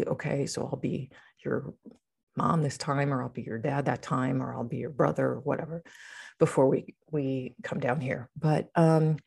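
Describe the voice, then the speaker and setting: A woman with a notably low voice talks in a loose, casual podcast ramble. She is middle-aged, and her speech is full of fillers and restarts as she chats with a co-host. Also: gravelly, warm tone, husky. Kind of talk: casual chat.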